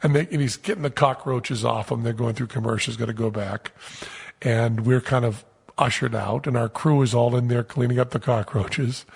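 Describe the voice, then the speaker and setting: A man casually telling a lively anecdote as a podcast host, acting out the quotes. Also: mid-range voice, normal speed, gravelly, breathy edge, big-room sound. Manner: animated storyteller, acts out quotes.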